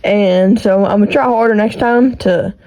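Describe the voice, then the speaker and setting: A woman with a thick Texas country accent hosting her own podcast from her bedroom, talking quickly and rambling with restarts, recorded on earbuds and a phone. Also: medium pitch, mellow, rough recording. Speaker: podcast host. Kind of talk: casual solo podcast chat. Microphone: AirPods with iPhone recording.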